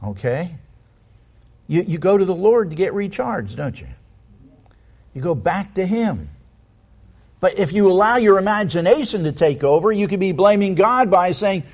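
Animated man preaching a sermon. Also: high voice, normal speed, long pauses. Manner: asks the congregation many rhetorical questions; reads scripture aloud.

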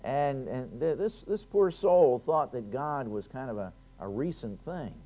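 A man preaches at a measured pace in a warm, medium-pitched voice that stays animated, reading scripture and stressing key phrases. He is emphatic, lifting his voice on key words, and restarts a lot. The recording is lo-fi and dull.

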